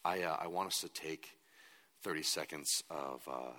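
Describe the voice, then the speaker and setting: A man's voice: extremely low pitch, normal speed, bright, forceful tone, in a large hall. A man preaching a sermon as a pastor, earnest and at times emphatic.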